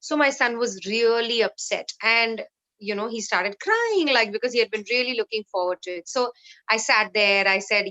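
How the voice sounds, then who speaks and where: A woman's voice: fairly high pitch, fairly quick, lo-fi sound. A woman in her thirties with an Indian accent, leading a self-love workshop and telling stories, slipping in Hindi phrases. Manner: lively, mixes Hindi phrases, acts out quoted voices. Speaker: workshop facilitator. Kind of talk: workshop talk with anecdotes.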